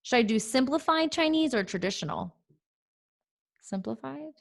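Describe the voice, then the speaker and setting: A woman hosting a podcast in a casual chat. She talks playfully, laughs often and thinks out loud. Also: sits high, animated, normal speed, creaky. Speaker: podcast host.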